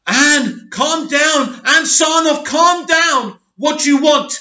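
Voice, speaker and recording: A man's voice: extremely high pitch, animated, very slow, sharp tone, voice pushed up, exaggerated voice. A man putting on the voice of a panicking female studio executive who shrieks orders at her staff and repeats her commands. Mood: frantic, bossy. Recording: roomy, dull lo-fi sound.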